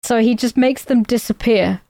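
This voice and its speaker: A woman's voice: fairly high pitch, moderate pace, creaky, dry recording. Chatty woman with a dry close sound. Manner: animated, storytelling, laughs often. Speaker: podcast co-host. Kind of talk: casual chat reviewing a film.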